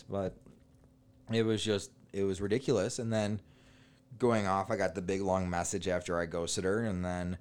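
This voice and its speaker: A man's voice: deep voice, normal speed, clean tone. A man, a stand-up comedian, casually telling rambling, profane stories on a podcast. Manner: profane, rambling, animated retelling with quoted dialogue.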